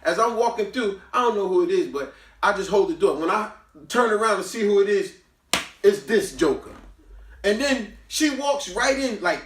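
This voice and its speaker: A man's voice: high voice, expressive, normal speed, slight background noise. A man hosting a book review who tells a story casually, with emphatic, preachy asides to his listeners. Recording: roomy, from a distance.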